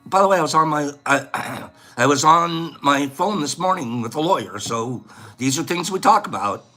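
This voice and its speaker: A man's voice: on the high side, expressive, normal speed, pushed and bright, faint music behind. A man hosting a casual vlog, rambling and lecturing as he talks. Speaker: host.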